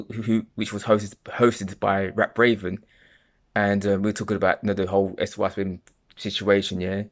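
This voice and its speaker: A man from London with a London accent, ranting to camera in a heated, stumbling way, full of restarts and swearing. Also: fairly low pitch. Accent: London English. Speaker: vlogger. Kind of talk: angry monologue to camera.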